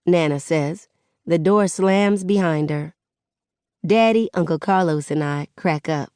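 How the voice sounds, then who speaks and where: A woman narrating an audiobook in first person, with steady storytelling. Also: fairly low pitch, a little slow, dry recording, clean studio sound.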